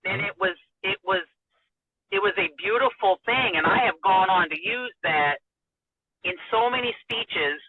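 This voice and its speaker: A woman broadcaster telling a personal story in an interview, animated and emotional. She laughs often and acts out the dialogue. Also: mid-range voice, unhurried, husky. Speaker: radio and TV broadcaster, interview guest. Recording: dry, narrow phone-like sound.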